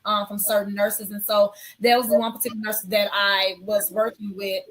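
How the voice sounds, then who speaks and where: A woman nurse giving her testimony on a faith talk show, telling an animated story and acting out the lines of people in it. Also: mid-range voice, moderate pace.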